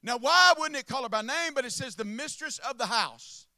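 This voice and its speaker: A man preaching a sermon to a congregation, swinging from hushed asides to impassioned shouts and calling out to listeners by name. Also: very high-pitched, expressive, moderate pace, dry recording. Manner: calls out to the congregation.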